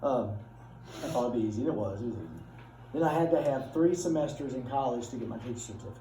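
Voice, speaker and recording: Recorded from far off in a roomy classroom, a middle-aged teacher chats with students in a folksy, joking, casual manner. He talks fast, with a medium-pitched, expressive, warm voice, and there is a little hiss or hum on the recording.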